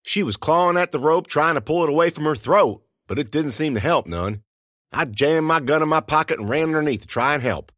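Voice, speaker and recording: A man narrating a first-person audiobook in an expressive, suspenseful way. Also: fairly high pitch, fairly quick, no room sound, clean studio sound.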